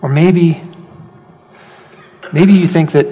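A man preaching a sermon as pastor, animated, swinging between loud rhetorical questions and hushed emphasis. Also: fairly high pitch, moderate pace. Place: church hall. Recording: long hall reverb.

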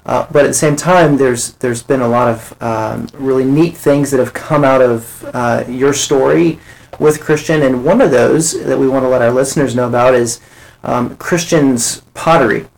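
Gravelly-voiced interviewer, gentle and hesitant. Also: medium pitch, moderate pace, rough recording. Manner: gentle, filler-heavy questioning. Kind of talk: faith radio interview.

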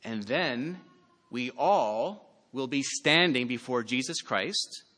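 A male pastor preaching a sermon, reading scripture aloud with dramatic emphasis and loud calls. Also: mid-range voice, expressive, takes it slowly. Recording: long hall reverb.

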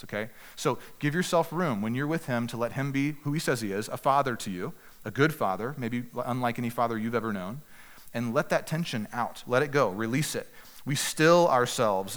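Earnest male pastor in echoey hall. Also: medium pitch. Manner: earnest, direct exhortation with slow emphatic pauses. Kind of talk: sermon. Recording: echoey hall with long reverb.

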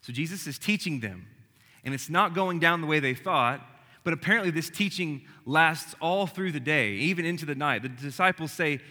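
A man preaching a sermon as pastor, swinging between emphatic, rising lines and hushed, quiet ones. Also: fairly high pitch, lively intonation, normal speed, long reverb tail.

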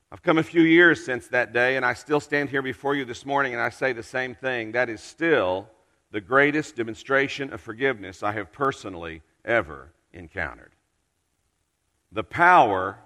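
Male preacher, earnest storyteller with dramatic pauses, bright tone, long church-hall reverb. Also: medium pitch. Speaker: pastor. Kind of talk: storytelling sermon.

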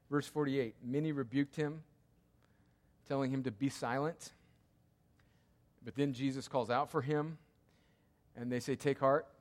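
A male pastor preaching in a church, his voice trailing off into a long hall reverb. He presses his points by repeating them, rising to loud cries and then sinking to near-hushed tones. His pitch sits in an ordinary middle range for a man. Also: fairly even intonation, unhurried, pauses often. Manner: emphatic, repeats key lines, swings between loud cries and hushed tones. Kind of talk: sermon.

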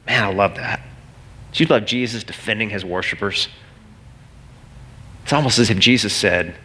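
A man's voice: fairly low pitch, lively intonation, moderate pace, pauses often, bright, forceful tone, husky. A man preaching a sermon in an earnest, emphatic way, asking the listeners questions as he goes. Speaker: pastor.

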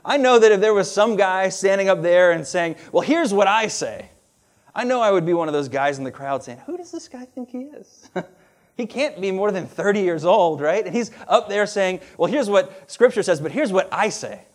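A man preaching a sermon in a conversational, animated way, with asides and laughs. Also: high voice, moderate pace. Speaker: pastor.

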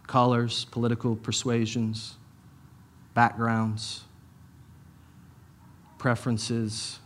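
A middle-aged man preaches in a relaxed, conversational way, with a voice of middling pitch. He drives points home by repeating short phrases and drops in offhand asides along the way. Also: slow pace, long pauses, slight background noise. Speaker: pastor. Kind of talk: sermon.

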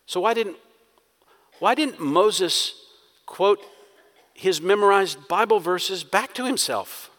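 A man's voice: sits high, animated, takes it slowly, long pauses, fairly bright tone, in a large hall. A man preaching a sermon, acting out quoted prayers with rising intensity. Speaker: pastor.

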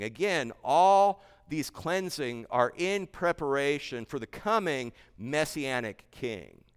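A man's voice: fairly high pitch, smooth. A man preaching an expository sermon, earnest and emphatic, reading scripture aloud and explaining it verse by verse. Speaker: pastor. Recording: long hall reverb.

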